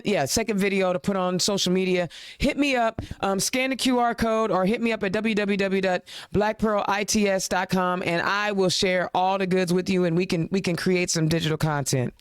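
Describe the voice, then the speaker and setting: A woman's voice: medium pitch, smooth, no room sound, clean studio sound. A woman from Indiana hosting a political podcast, ranting emphatically with rhetorical questions and casual slang, then reading sponsor plugs and introducing her guests. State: a little choked up. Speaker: podcast host. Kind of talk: impassioned political rant and show hosting.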